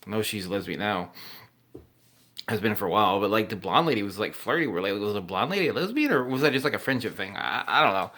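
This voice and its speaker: A man's voice: lowish voice, lively intonation, quick pace, sharp tone. A drunk young man rambling and swearing as he reacts to old commercials, laughing often. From Texas.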